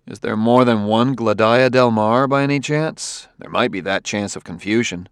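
Casting: man reading a brusque detective, low and gravelly, barking orders. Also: normal speed, no echo, clean studio sound, close to an everyday voice. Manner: brusque, commanding. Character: blunt, impatient male detective.

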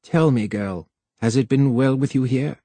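A man's voice: mid-range voice, unhurried, dark tone, no room sound, close to an everyday voice. Man voicing a stern older official. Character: older male senior official, urgent and stern.

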